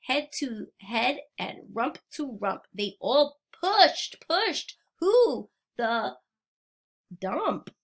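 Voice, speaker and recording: A woman's voice: sits high, lively intonation, drawn-out words. A woman teacher reading a picture book aloud to young children and prompting them to join in.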